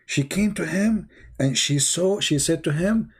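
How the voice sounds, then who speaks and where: A man's voice: on the high side, measured pace, husky. A man hosting a livestream, mocking and taunting a critic with repeated rhetorical questions as he talks to viewers. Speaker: online debate host. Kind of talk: livestream commentary addressing viewers.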